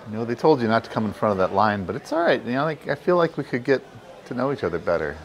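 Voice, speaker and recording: A man playing a prison inmate in a sketch comedy monologue, low-key and deadpan. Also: fast talker.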